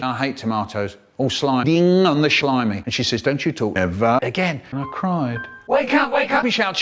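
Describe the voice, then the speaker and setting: A man doing a rambling old storyteller poet. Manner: rambling nonsense anecdotes, sudden pitch jumps. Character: impression of an elderly male children's poet, storyteller. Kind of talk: parody storytelling.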